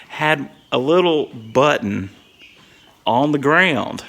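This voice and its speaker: A middle-aged man from tells a comic story in a relaxed, conversational way. His voice sits a bit high for a man and has a gravelly, fry-laden texture, and he breaks into little chuckles throughout. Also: slow pace. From Whitley County, Kentucky.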